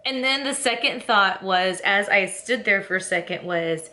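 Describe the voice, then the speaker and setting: A woman's voice: medium pitch, normal speed, few pauses, pushed and bright, a little hiss or hum. A young woman from California chatting casually to camera as a vlogger, rambling and candid, with lots of fillers and laughing at herself.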